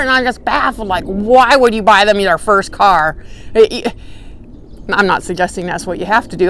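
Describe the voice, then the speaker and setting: A woman teaching a Bible study, lively and conversational, acting out quotes with emphatic bursts. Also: mid-range voice, no echo. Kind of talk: lecture. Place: church meeting room.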